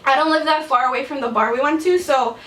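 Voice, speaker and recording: A woman's voice: high voice, fast, a bit bright. A young woman vlogging to camera, telling a dating story in a blunt, chatty way, swearing freely and filling with "like". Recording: echoey room, a bit far from the mic.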